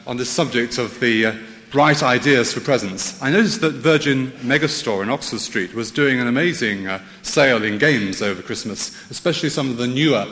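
Male preacher, animated and wry, church-hall reverb. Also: mid-range voice. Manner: lively, wry storytelling with rhetorical questions. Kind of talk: sermon.

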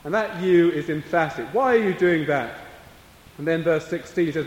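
A man preaching a sermon, slow and measured, coughing now and then. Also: a little high. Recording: echoey hall, voice from a distance.

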